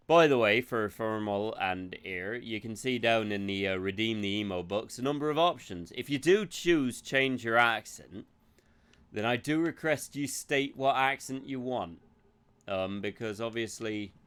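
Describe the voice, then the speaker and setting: Male streamer, smooth low-leaning voice, rambling, sweary, joking. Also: fairly bright tone. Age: adult. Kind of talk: live gameplay commentary.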